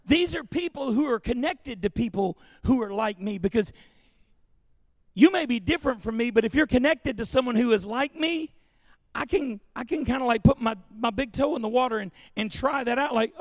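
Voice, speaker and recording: A man preaching a sermon as pastor, joking and animated, calling for congregation responses. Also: very high voice, moderate pace, dry recording, studio quality. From Louisiana.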